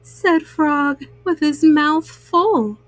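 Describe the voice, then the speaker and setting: A woman reading bedtime stories aloud to young listeners, gentle and soothing. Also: sits high, very slow, no room sound. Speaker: storyteller.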